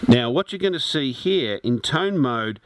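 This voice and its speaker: A man giving a steady, explanatory product demonstration, talking through each step as he sweeps over test targets. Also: mid-range voice, a little slow. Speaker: metal detector demonstrator. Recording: steady noise and detector beeps behind voice.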